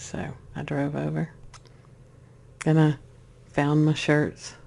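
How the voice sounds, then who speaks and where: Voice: medium pitch, a little slow, creaky, long pauses. A spiritual speaker telling a personal story in a casual way, rambling with restarts and acting out voices. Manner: animated, acts out voices in the story.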